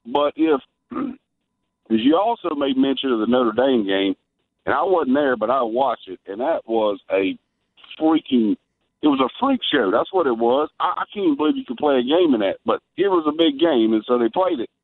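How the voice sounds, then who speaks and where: A man's voice: mid-range voice, very animated, moderate pace. A man calling into a sports radio show, talking in a rambling, conversational way. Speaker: radio guest on the phone. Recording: tinny phone line.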